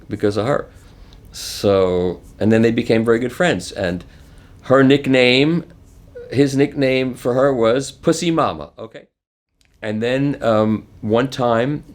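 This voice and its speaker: A man in his seventies telling stories in an interview, animated and chuckling as he acts out other people's lines. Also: mid-range voice. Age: 70s. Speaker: interview guest. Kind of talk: casual anecdotal storytelling.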